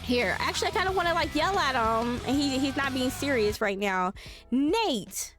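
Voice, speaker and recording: Giggly lady streamer rambling over her game, high lively voice, little bit of music behind. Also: moderate pace. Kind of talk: casual let's play commentary.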